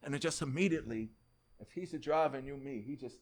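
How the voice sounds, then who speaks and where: His voice is mid-range and his delivery fast: a middle-aged rapper from the US with a New York accent, telling a long tale during a relaxed podcast interview. He animates it by performing other people's lines and cursing freely.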